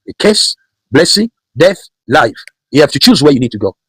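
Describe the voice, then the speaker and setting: A man's voice: fairly high pitch, big pitch swings, normal speed, a bit bright, slightly rough, no echo, low-quality recording. A man preaching a sermon, emphatic and repetitive, driving his points home with rhetorical questions.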